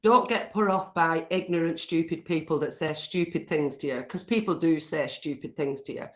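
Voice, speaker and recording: A woman's voice: low-pitched, normal speed. A British woman as a guest on a live-stream interview. She talks chattily and bluntly and laughs often. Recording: dull lo-fi stream audio.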